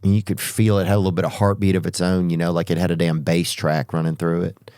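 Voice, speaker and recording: A man hosting a podcast, telling rambling comic stories with profanity and drawn-out asides. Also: sits low, little pitch movement, a little mellow, clear, resonant tone, no room sound, studio quality. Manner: profane, drawn-out asides, sudden character voices. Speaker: podcast host.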